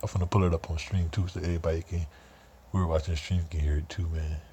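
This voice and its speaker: A man's voice: sits low, little pitch movement, quick pace, dark tone, slight background noise. A man streaming a mobile game, chatting casually with lots of slang and swearing. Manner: laid-back slangy, profane and laughing a lot. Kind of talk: casual live-stream chat.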